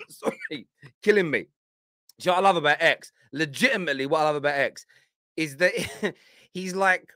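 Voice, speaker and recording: A man's voice: sits high, lively intonation, moderate pace, fairly bright tone, no echo, clean studio sound. A man hosting a football reaction show, amused and laughing often as he comments on clips. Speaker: host.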